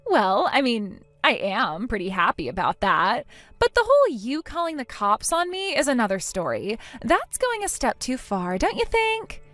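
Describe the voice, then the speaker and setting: A woman's voice: fairly high pitch, big pitch swings, normal speed, a bit bright, dry recording. A woman voicing a spiteful, mocking young woman in a text-message story, taunting and sarcastic.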